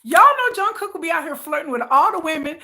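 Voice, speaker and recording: A woman vlogger in casual, gossipy commentary, joking and animated as she talks to her viewers. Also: very high voice, fast, a little hiss or hum.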